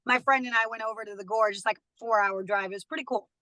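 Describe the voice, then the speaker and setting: A woman in her thirties chats casually as a guest, her voice bright and a touch high. She tells stories freely and laughs often. The studio sound is dry and close. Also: steady tone, quick pace, no echo, low-quality recording. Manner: chatty, warm, laughs often. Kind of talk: casual chat.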